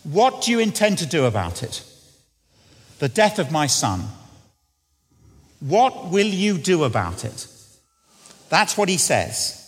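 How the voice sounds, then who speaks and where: Animated male preacher in echoey church. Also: a little high, breathy edge. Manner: animated storytelling with humor, then slow earnest prayer. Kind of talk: sermon. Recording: echoey church hall with long reverb.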